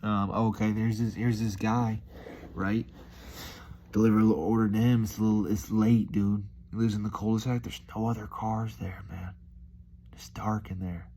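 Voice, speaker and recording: Laid-back low-voiced guy. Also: flat delivery, moderate pace, warm tone, a little hiss or hum. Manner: laid-back, rambling, says dude and man a lot. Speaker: vlogger. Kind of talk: casual reflective monologue.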